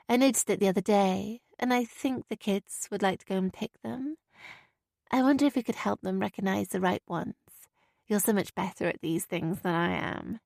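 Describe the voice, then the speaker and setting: A woman reading an audiobook, voicing a calm, kind and reasonable young mother in a soft, reassuring tone. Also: medium pitch, vocal fry, dry recording, clean studio sound, natural voice. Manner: gentle, reassuring.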